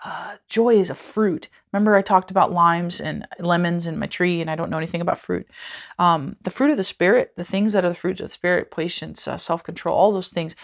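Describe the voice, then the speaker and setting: Woman devotional teacher, lowish voice, earnest and conversational, repeats for emphasis. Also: fairly even intonation, fairly quick, vocal fry.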